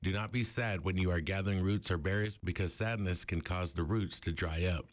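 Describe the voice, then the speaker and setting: Male narrator, very low voice, steady and explanatory, lesson read-out. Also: fairly quick. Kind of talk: scripted narration.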